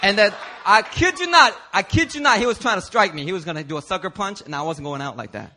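Bright-voiced, lively male preacher. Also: sits high, fast, a little hiss or hum. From Philadelphia, United States. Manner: animated, conversational, swings from hushed to loud while telling stories. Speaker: pastor. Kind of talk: sermon with storytelling. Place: church service.

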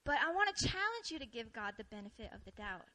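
A young adult woman giving a sermon, telling stories and acting out her own complaints in an animated way. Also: on the high side, fast talker, rough recording. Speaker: preacher.

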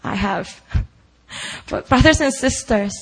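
A woman delivers a sermon at an unhurried, deliberate pace, with a gravelly, creaky edge to her voice. She speaks earnestly and keeps asking the listeners rhetorical questions. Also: high voice, animated, rough recording. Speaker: preacher. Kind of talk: sermon at a prayer meeting.

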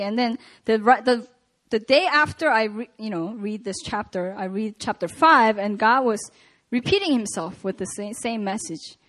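A woman preaching at a prayer meeting, reading scripture and retelling it in a casual, animated way. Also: fairly high pitch.

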